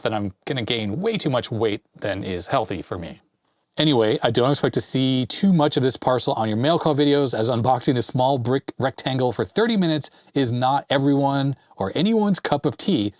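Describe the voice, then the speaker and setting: In his basement workshop, a Canadian host in his forties opens mail-call packages of vintage parts, chatting enthusiastically and wandering into tech asides. His voice is medium-pitched, and the recording is dry and studio quality.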